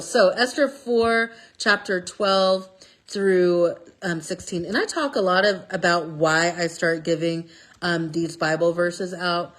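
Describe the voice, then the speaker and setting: A woman telling a Bible story in a casual, lively way, often checking in with "okay?". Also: on the low side, slow. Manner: lively, chatty, stresses words with "okay?". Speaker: speaker sharing a Bible passage. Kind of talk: casual storytelling talk about scripture.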